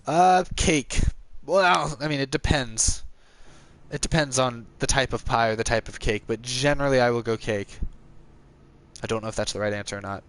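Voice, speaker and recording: A man's voice: mid-range voice, a little fast, clear, resonant tone. Tired young man streaming a racing game. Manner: relaxed, rambling, answers viewer chat. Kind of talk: casual live-stream chat. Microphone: headset.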